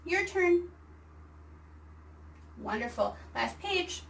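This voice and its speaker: A kindergarten teacher giving a virtual reading and phonics lesson, reading each word slowly and clearly for young children. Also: female voice, sits high, distant mic, a little hiss or hum, poor audio. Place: home or classroom, recording a video lesson.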